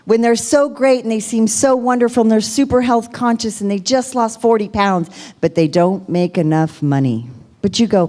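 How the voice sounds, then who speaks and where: A woman on a video call, showing trainees the upbeat pitch she uses for booking. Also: normal speed, dark tone. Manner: upbeat, demonstrates scripts. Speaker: sales trainer. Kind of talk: role-played sales pitch.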